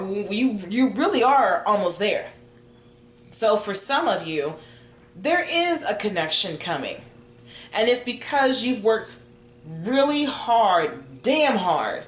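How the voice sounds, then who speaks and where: A woman's voice: fairly high pitch, roomy sound. A woman giving a casual tarot reading, chatty and encouraging, speaking directly to her viewers. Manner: chatty, encouraging, slow and drawn-out. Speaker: tarot reader.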